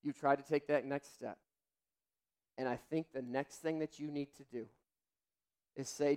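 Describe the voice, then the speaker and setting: A man's voice: mid-range voice, fairly even intonation, unhurried, long pauses, a little mellow, smooth. A young adult man, a pastor, preaching a sermon in a candid, conversational way through personal stories.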